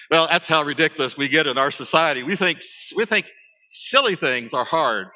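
A man's voice: a little high, lively intonation, moderate pace, pushed and bright, long reverb tail, lo-fi sound. A man, preaching a sermon as a pastor, talking conversationally with asides to his congregation.

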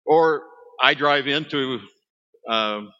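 A man's voice: mid-range voice, slow, bright, forceful tone, long reverb tail, muffled recording. A man, preaching a sermon as a pastor, talking conversationally with asides to his congregation.

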